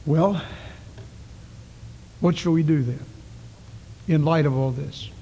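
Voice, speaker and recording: Earnest preacher guy, mellow kinda high voice, big echoey church. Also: slow pace, a little hiss or hum. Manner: earnest storytelling, rising to calls then dropping to near whispers. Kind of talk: sermon. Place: church sanctuary. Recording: long church reverb.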